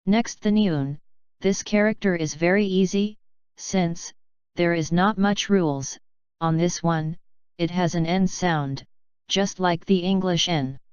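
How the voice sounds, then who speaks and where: A woman teaching a lesson in a very slow, deliberate way, explaining one rule at a time in a lowish, very clear voice. The sound is dry and close, but a bit dull and lo-fi. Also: a little mellow, dry recording. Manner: slow, deliberate, spelling out rules. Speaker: language teacher. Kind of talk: step-by-step lesson narration.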